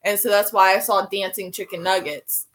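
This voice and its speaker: A female co-host chats in a teasing way. Her voice is bright and forceful. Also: mid-range voice, steady tone, moderate pace. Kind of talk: casual stream chat.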